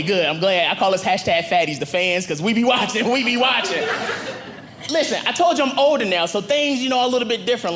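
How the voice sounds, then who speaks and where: High, lively stand-up comedian. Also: male voice. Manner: animated, conversational, slangy. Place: comedy club stage. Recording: live club with audience noise.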